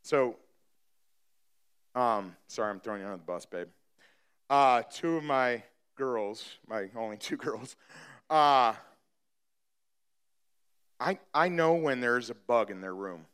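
A man preaching a sermon as pastor, talking conversationally with humor and building to emphatic, animated preaching. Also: medium pitch, slow pace, long pauses, smooth. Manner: conversational with self-deprecating humor.

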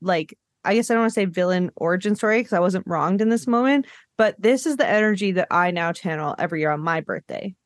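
A woman's voice: lowish voice, expressive, quick pace, dry recording, clean studio sound. A woman co-hosting a podcast, making wry jokes in casual recap chat. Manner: wry, joking, laughs along. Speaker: podcast co-host.

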